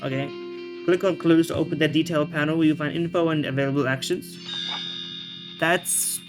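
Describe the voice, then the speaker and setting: A man doing let's play commentary on a detective game, reading its text and drifting into rambling, joking asides. His voice sits a little high for a man. Soft background music plays under him. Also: fairly even intonation, moderate pace. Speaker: video game streamer.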